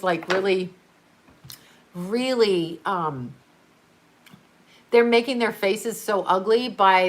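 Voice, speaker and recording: A woman with a mid-range, fairly bright voice hosts a livestream, reading chat and rambling casually. She laughs often as she answers her viewers.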